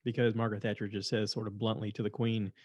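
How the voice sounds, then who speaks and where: A man's voice: on the low side, little pitch movement, fast talker, a little mellow, dry recording, muffled recording. Chatty man in a dry close sound. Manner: rambling, repeats himself, chatty and opinionated. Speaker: podcast host. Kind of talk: casual monologue reviewing shows.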